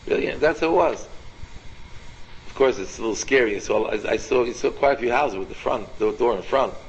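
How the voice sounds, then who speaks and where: A man teaching an informal Torah class, animated and repetitive, quizzing his students by name. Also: medium pitch, a little fast, breathy edge, dull audio.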